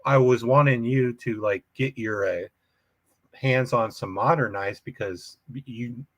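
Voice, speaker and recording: A man hosting a casual livestream chat, talking in halting bursts with many restarts. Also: medium pitch, fairly bright tone, no echo. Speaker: livestream host.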